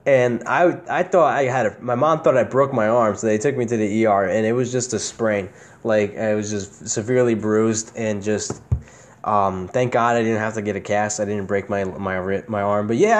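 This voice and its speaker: A man's voice: on the low side, moderate pace. Laughing, foul-mouthed young man telling stories. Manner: laughs often, swears freely, animated storytelling. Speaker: podcast host. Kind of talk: casual storytelling chat.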